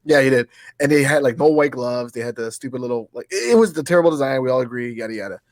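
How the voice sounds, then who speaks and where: A man in his thirties co-hosting a podcast, excitable and swearing freely, his pitch jumping up when he gets worked up. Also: fast, no echo, studio quality. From Europe. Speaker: podcast co-host. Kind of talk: casual chat.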